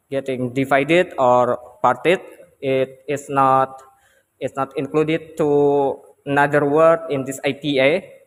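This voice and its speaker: A man's voice: mid-range voice, long reverb tail. A young man with an Indonesian accent giving a classroom presentation, hesitant and often repeating himself. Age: young adult. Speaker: student presenter.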